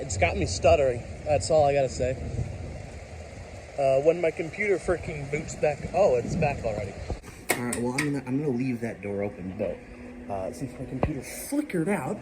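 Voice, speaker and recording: A worn-out man chats on and on into a handheld camera from a top step outdoors, sounding excitable and often talking to himself. His voice sits at an ordinary middle pitch. Steady rain hisses faintly behind him. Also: measured pace, long pauses. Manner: chatty, excitable, talks to himself, mild self-censored cursing. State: tired from staying up all night. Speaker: vlogger. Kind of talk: casual rambling vlog commentary. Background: rain falling.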